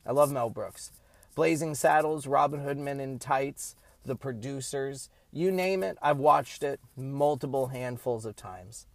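Guy hosting his own podcast solo, chatty and rambly, dry room no echo. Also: medium pitch. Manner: rambling, chatty, lists titles with pauses. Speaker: podcast host. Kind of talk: casual solo podcast monologue.

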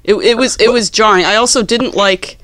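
Man, podcast co-host, smooth crisp voice, dry close sound, measured and critical. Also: high voice, steady tone, pushed and bright, dry recording. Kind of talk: casual movie-review chat.

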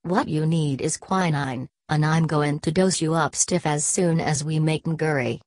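A woman voicing a steady, joking male frontier trapper who talks in backwoods dialect. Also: low voice, measured pace, no echo. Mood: dry, teasing. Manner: backwoods dialect, dry teasing.

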